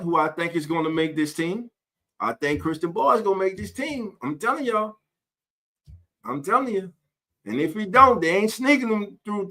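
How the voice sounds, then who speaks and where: Bright-voiced man hosting live sports talk. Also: high voice. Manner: animated, greets chat viewers by name. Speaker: sports show host.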